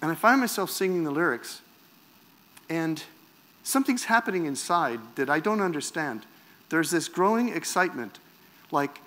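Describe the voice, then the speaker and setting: A man's voice: fairly high pitch, moderate pace, pauses often. A man from Canada, preaching a personal testimony in a wry, self-mocking storytelling manner. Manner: animated, wry, self-mocking storyteller who acts out quotes.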